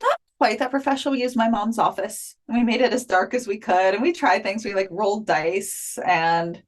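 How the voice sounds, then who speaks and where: A woman's voice: mid-range voice, moderate pace. A woman being interviewed as an afterlife researcher, telling her experiences in a chatty way with many fillers. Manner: chatty, frequent filler "like", animated retelling. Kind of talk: casual interview storytelling.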